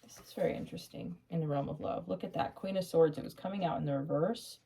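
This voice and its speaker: A woman giving a casual tarot reading who gets excited, laughs often, swears casually and calls the listener honey. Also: low-pitched, fast, gravelly, husky. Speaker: tarot reader.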